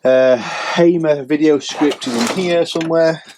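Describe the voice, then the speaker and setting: A man's voice: on the high side, measured pace, very noisy. A man giving a casual, rambling sales update as a reseller vlogger, chatty and self-mocking. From England.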